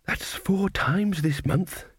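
A man's voice: sits high, takes it slowly, slightly rough, no echo, clean studio sound, pitched above the performer's own voice, full character voice. A man voicing a jolly, plump woman cook who asks eager, anxious questions in an audiobook.

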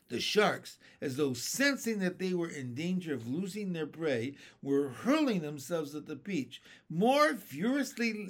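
A man reads a children's storybook aloud at an unhurried pace. His voice sits a little high and rises and falls with the action of the tale. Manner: expressive, unhurried reading. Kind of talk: reading a children's book aloud.

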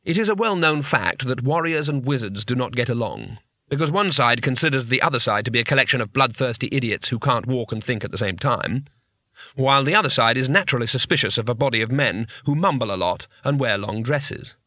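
A man's voice: medium pitch, expressive, brisk, pushed and bright, no echo. A man narrating a comic fantasy audiobook in a wry, dry storytelling manner.

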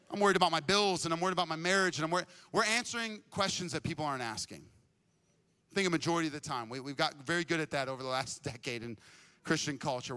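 A young adult man preaching a sermon as a pastor, telling a story in a casual, energetic way and often repeating words. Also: on the high side. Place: church stage.

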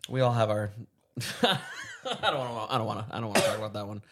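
A man co-hosting a casual podcast, animated, laughing often, swearing and saying "like" a lot. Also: fairly low pitch, quick pace, very noisy. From Arizona. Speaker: podcast co-host. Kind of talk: casual chat.

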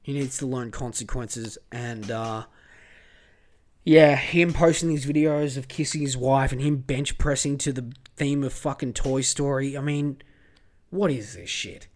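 A man's voice: mid-range voice, unhurried. A man hosting a podcast, ranting heatedly and swearing freely in a casual monologue. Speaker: podcast host.

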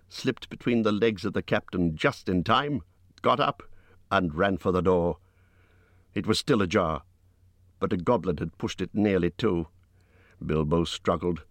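Deep-voiced male audiobook narrator. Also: no room sound. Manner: measured, expressive storytelling.

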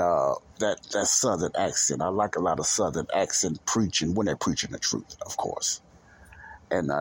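A man's voice: low voice, husky. A man hosting a Christian podcast, preaching in a casual, rambling way and often repeating himself. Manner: rambling, repeats himself, loses his thread. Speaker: podcast host.

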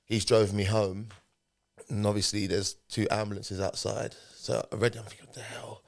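A man's voice: lowish voice, moderate pace, creaky. A man, a podcast guest telling a personal story in conversation, animatedly acting out what people said. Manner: animated retelling, acting out quoted speech.

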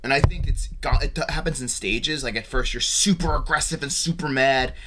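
A man's voice: medium pitch, brisk, background noise. A man hosting a casual podcast chat, talking earnestly about faith and healing. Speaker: podcast host.

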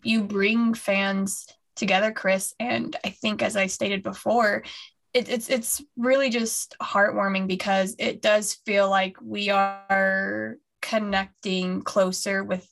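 Gravelly-voiced woman gushing as co-host. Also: medium pitch, flat delivery, takes it slowly, a bit bright. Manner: gushing, rambling with many restarts. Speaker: podcast co-host. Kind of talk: casual chat.

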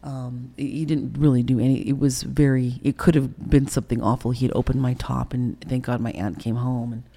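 Gravelly middle-aged woman telling her story. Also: very deep voice, fairly even intonation, mellow. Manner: emotional, halting recollection. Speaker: interview guest. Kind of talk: candid personal storytelling.

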